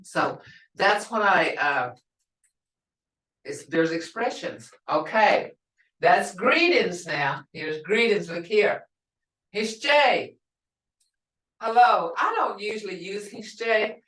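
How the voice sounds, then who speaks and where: A middle-aged woman teaching a language class online, explaining slowly and repeating words for her learners. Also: medium pitch, expressive, a bit bright. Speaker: language instructor. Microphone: video call. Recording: roomy and distant video call audio.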